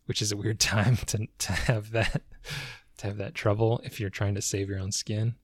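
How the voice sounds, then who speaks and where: A man's voice: on the low side, flat delivery, normal speed, slightly rough, dry recording, clean studio sound. A man co-hosting a podcast, talking through a book in a thoughtful, hedging way and searching for words. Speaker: podcast co-host. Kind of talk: casual book discussion.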